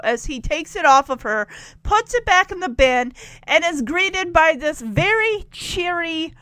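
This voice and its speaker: Brief: animated woman narrator, casual recap, lively pitch, dry and close. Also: normal speed, dry recording. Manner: chatty, animated, exasperated asides. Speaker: tv episode recapper.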